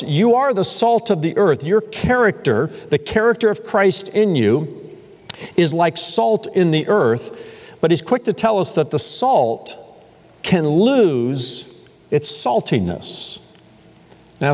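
A pastor preaches to his congregation, his voice swinging widely as he drives home each point and leans into the key phrases. He is a man with a slightly high voice. The church sanctuary gives his words a long, lingering reverb. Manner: expressive preaching with rising emphasis and pauses. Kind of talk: sermon.

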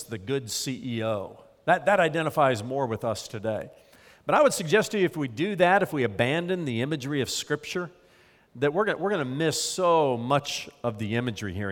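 A man, a pastor preaching a sermon in measured tones, slowing down as he reads scripture aloud. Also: on the high side. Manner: measured preaching, slows to read scripture quotes. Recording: long hall reverb.

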